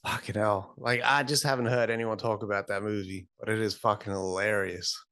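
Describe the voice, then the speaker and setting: A man's voice: on the low side, steady tone, a little fast, pushed and bright. A man from Australia, a podcast guest in casual chat who laughs often and swears casually.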